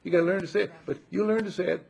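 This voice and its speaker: A man's voice: sits high, fairly even intonation, very fast, creaky, a little mellow. An older man giving an effusive, affectionate inspirational talk to a gathering, his voice swooping up on emphasis. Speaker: spiritual speaker.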